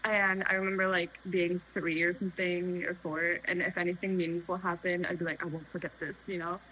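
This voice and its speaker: A woman's voice: on the low side, little pitch movement, fairly quick, sharp tone, slight background noise, low-quality recording. A young woman talking unscripted in a rambling, chatty way, full of fillers, while making tea at home. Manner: rambling, chatty, frequent fillers and self-corrections. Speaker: vlogger. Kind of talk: unscripted casual chat.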